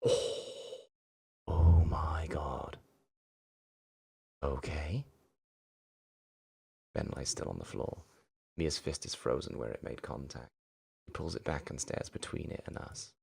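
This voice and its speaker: A man streamer reading a visual novel game aloud in low, dramatic narration, with reactions in between. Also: expressive, normal speed, gravelly, breathy edge.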